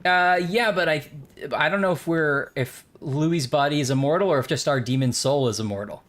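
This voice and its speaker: A male streamer talking through a story game with a friend, casual and joking as he reasons out loud. He muses over choices and drifts into silly asides. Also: on the high side, normal speed. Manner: joking, musing, thinking aloud. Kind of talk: casual let's play chat.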